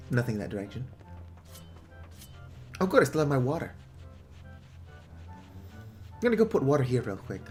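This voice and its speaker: A man's voice: medium pitch, sing-song, normal speed, pauses often, a little mellow, soft background music. Joking man commenting on gameplay. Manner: joking, wry asides. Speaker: gaming video host.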